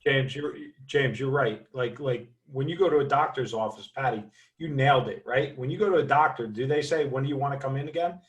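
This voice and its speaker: A man on a panel, speaking loudly and emphatically to push his point. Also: medium pitch, brisk, few pauses. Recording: echoey, from far off the mic.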